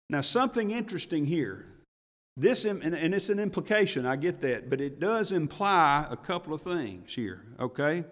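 A man's voice: a little high, sing-song, normal speed, fairly bright tone, in a large hall. A male pastor giving a sermon, talking in a folksy way that builds into emphatic, rising bursts.

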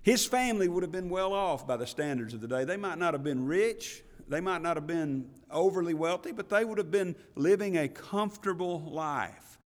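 A man's voice: a little high, expressive, normal speed, hardly any pauses. Earnest preacher man with hall reverb. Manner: earnest, rhetorical questions, repeats words. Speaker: church elder preaching. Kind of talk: sermon.

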